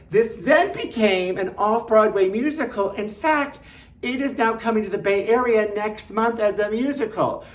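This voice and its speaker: A woman hosting a show of film recommendations, chatty and enthusiastic, with jokey asides. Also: medium pitch. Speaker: film reviewer host.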